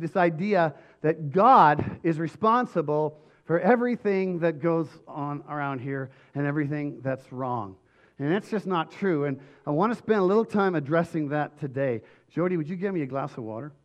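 Slightly hoarse man preaching a sermon. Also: on the high side, animated, moderate pace. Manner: emphatic preaching with repeated restarts. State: voice going hoarse. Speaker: pastor.

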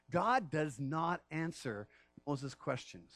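A man preaching a sermon as pastor, animated and acting out the quoted voices, often laughing and swinging from loud emphasis to hushed asides. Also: fairly high pitch, normal speed, no room sound. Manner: animated, rises loud on key phrases and drops to near-whispers; acts out quoted speech of Moses and God.

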